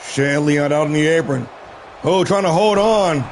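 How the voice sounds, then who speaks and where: A man calling a wrestling video game live on stream, shouting the big moves and breaking off into profane asides to his viewers. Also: on the high side, a little slow, a little hiss or hum. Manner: excitable play-by-play with shouted calls and profane asides. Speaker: stream host and play-by-play commentator.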